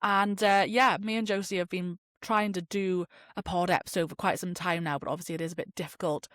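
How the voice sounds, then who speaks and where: A woman's voice: lowish voice, steady tone, a little fast, a bit bright, no room sound, studio quality. A woman hosting her own podcast, chatting in a rambling, sweary way with lots of fillers while she has a cold. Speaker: podcast host. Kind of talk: casual solo podcast chat.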